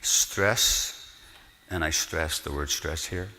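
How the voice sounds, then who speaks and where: A man's voice: low voice, steady tone, normal speed, fairly bright tone. A man, a physician, giving an earnest, explanatory public lecture and stressing points with rhetorical questions. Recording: long hall reverb.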